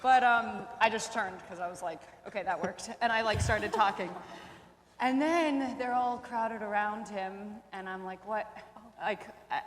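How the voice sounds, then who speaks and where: A woman's voice: mid-range voice, measured pace. A woman in her twenties, a teacher on an alumni panel, telling stories casually and acting out the lines she quotes. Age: 20s. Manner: lively storyteller who acts out quoted lines. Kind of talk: casual storytelling. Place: campus event room. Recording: echoey hall with faint noise.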